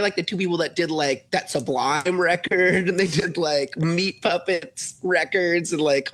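A man's voice: a little high, fairly bright tone. A man, a musician, telling stories in a casual interview, rambling with lots of "like" and frequent laughs. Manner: rambling, heavy use of "like", laughs often. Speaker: musician guest.

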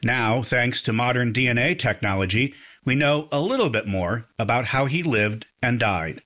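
Bright-voiced male news correspondent. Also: medium pitch, animated, moderate pace. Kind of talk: scripted news narration.

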